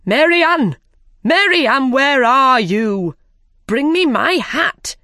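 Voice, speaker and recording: A woman voicing a fussy, bossy male White Rabbit who shouts orders in a storybook reading. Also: a little high, very animated, slow pace, no echo, studio quality, pitched above the performer's own voice. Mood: shouting, impatient.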